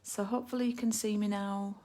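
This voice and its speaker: A woman's voice: medium pitch, little pitch movement, a little fast, mellow. A British woman hosting a live card-making stream, chatting casually and rambling with lots of ums and asides. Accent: British English. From United Kingdom. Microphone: laptop or phone camera mic.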